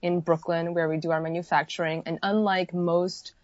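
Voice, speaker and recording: A woman's voice: lowish voice, level tone, normal speed, dry recording, lo-fi sound. A woman who founded a company, answering interview questions fluently and explaining her work at length. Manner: fluent, explanatory, many "so" openers.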